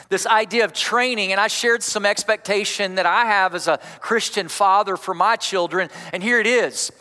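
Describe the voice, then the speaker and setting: A high-voiced man preaches with a bright, pushing edge, coaxing his congregation with repeated call-outs. His sermon rings out with a long reverb trailing through a big church sanctuary. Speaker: pastor. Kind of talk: energetic sermon.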